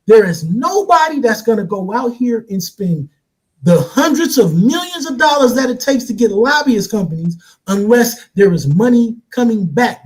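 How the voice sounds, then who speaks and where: A man on a live podcast panel, arguing heatedly, lecturing slowly and repeating his points over and over. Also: extremely high pitch, rough recording. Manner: slow lecturing emphasis, repeats himself.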